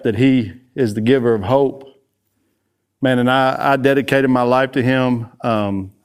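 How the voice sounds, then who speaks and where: Male conference speaker, smooth resonant tone, relaxed folksy delivery in a church hall. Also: medium pitch. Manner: folksy, storytelling, slightly out of breath. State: out of breath. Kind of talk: live conference talk. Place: church hall, live audience.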